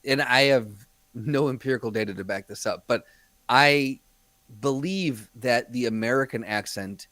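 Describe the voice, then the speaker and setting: A man's voice: mid-range voice, normal speed, a bit bright, dry recording. A man co-hosting a podcast in casual chat, musing and giving opinions with laughs and swearing. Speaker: podcast co-host.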